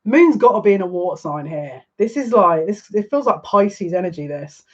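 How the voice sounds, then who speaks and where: A woman's voice: fairly low pitch, animated, normal speed, dull audio. A woman giving a live-stream tarot reading, chatty and emotional, talking back to viewer comments. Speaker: psychic reader.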